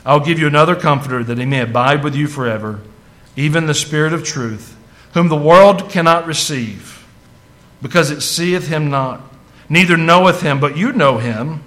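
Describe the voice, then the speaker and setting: Casual at first, this pastor's sermon builds to a fervent emphasis on scripture as he speaks to his congregation. His voice is fairly high and fairly bright, and he talks at normal speed.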